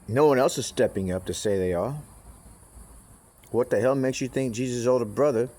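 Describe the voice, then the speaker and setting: A man's voice: mid-range voice, warm tone. A man in a rambling, casual monologue who swears freely, circles back on himself and restarts his sentences. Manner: profane, meandering, with frequent restarts and asides.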